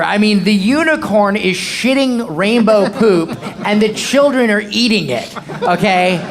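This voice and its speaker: Brief: blunt marketing coach in a live Q&A, mid-pitched, punchy and repetitive. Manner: punchy and repetitive, peppered with "okay?" and "boom", blunt, occasional swearing.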